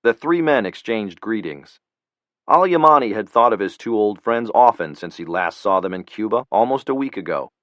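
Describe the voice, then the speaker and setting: A male narrator reads a thriller audiobook in an even, measured way. His voice sits low. The recording is dry and close. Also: no echo, muffled recording.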